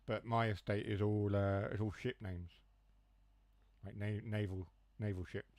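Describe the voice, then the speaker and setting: A young man from near Mansfield speaks with a broad Huthwaite accent, letting his H's and T's drop. His voice sits low, and the recording is dry and close, with no room around it. He rambles through jokey asides in a casual gaming-stream chat. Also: steady tone, a little slow, darkish tone, no room sound. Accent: Huthwaite, Nottinghamshire. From Mansfield area, England. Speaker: train sim streamer.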